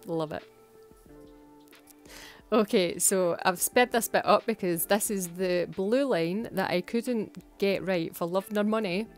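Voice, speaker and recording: A woman's voice: medium pitch, takes it slowly, soft background music. A Scottish woman chatting through a home voice-over for her nail art videos, self-mocking and laughing often. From Scotland. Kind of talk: casual voice-over narration.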